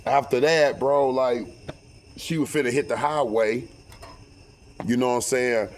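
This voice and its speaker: A man telling a personal story casually, profane and animated, with lots of fillers. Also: medium pitch, a little slow.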